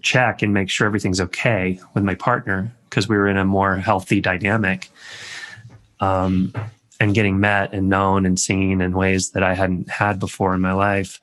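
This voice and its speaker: Deep voiced host guy on a podcast, pretty monotone, lots of ums while he thinks out loud. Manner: slow, searching, many ums. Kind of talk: podcast interview.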